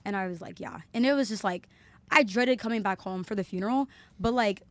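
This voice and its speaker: A young woman talks fast in casual podcast chat. She tells her story with lots of "like" and acts out each quote. The sound is close and dry. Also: medium pitch, dry recording. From Alabama, USA. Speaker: podcast guest.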